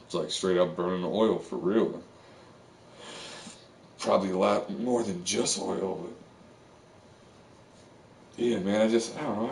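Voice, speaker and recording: Male streamer, lowish voice, loose cursing ramble, roomy sound picked up from across the room. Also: warm tone, slight background noise. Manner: profane, rambling, full of fillers. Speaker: live streamer. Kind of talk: rambling live-stream monologue. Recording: echoey room, far from the mic.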